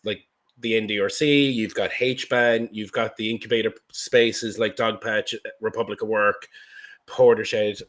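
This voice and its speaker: Jokey Irish man hosting a podcast. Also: on the low side. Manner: jokey banter, swears casually, laughs often. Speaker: podcast host. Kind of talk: casual podcast chat.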